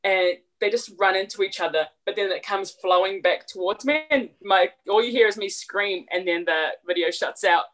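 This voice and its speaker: A young woman with a New Zealand accent, a podcast guest telling stories in casual chat, quick and full of fillers. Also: medium pitch. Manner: rapid, animated storytelling with many fillers.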